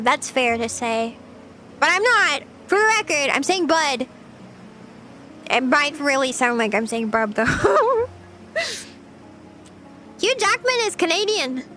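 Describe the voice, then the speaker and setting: A woman's voice: sits high, pushed and bright, slight background noise. A young woman streaming casual chat, playful and chatty, often giggling as she reads her chat. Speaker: VTuber streamer.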